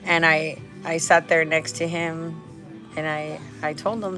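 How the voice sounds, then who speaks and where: A woman's voice: on the low side, fairly even intonation, normal speed, a bit bright, faint music behind. A woman vlogger talking casually and rambling, with frequent restarts, laughing often and dropping in Spanish phrases, in a restaurant. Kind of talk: casual vlog chat.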